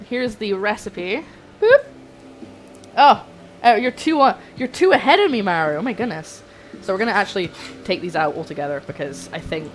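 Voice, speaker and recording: A young woman chatting to her viewers while cooking on a livestream in her home kitchen, excitable and a little flustered. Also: lowish voice, noisy background. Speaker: streamer. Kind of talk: casual cooking livestream chat.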